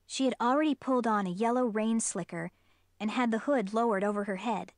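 A woman narrating a spooky children's story in the first person, in a steady storytelling manner. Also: fairly high pitch, a little fast, no echo. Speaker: audiobook reader.

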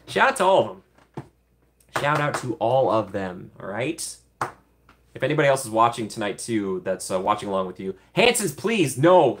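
A young man hosts a livestream in a relaxed, chatty way, laughing a lot and gushing with thanks to his viewers. His voice sits fairly low and sounds a bit bright.

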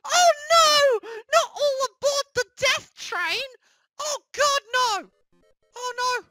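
A squeaky, whiny Link. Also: slow, no echo, heavily acted. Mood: panicked. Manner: whiny, yelps and shouts in panic. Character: squeaky young male plush hero, whiny and easily panicked. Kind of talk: comedic plush puppet gaming skit.

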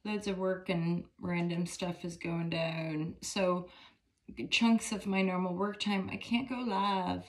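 A woman's voice: fairly low pitch, fairly even intonation, slow. Chatty woman giving a tarot reading. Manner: chatty and upbeat, with many fillers. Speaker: tarot reader. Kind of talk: casual tarot reading to camera. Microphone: phone.

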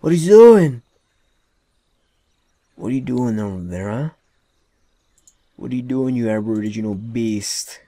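A young man giving casual, excitable gameplay commentary, swearing often and talking to the characters on screen. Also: fairly low pitch, moderate pace, long pauses, no room sound. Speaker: let's play gamer.

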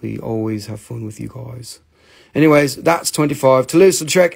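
An American man hosting a live sales stream, talking in an excitable, rambling way with casual swearing. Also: on the high side, fairly quick, vocal fry. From United States.

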